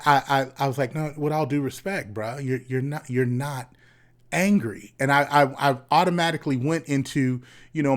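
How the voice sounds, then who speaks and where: A man, a therapist, talking casually and directly to his viewers, often repeating words and asking "right?". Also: medium pitch. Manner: conversational, repeats words, frequent tag questions. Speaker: therapist and host. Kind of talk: casual talk to camera.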